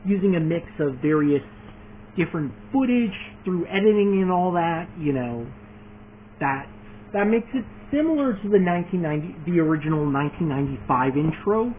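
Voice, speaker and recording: A high-voiced man rambles eagerly through a casual vlog. He restarts sentences and leans on fillers. The sound is thin and phone-like, with a faint hiss behind it. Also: animated, normal speed. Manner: eager, keeps adding more points. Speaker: video creator announcing his fan series.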